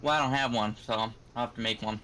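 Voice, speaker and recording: A young man interviewed after a sim race, relaxed and joking, with plenty of fillers. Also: medium pitch, fast, slight background noise. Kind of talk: casual post-race interview.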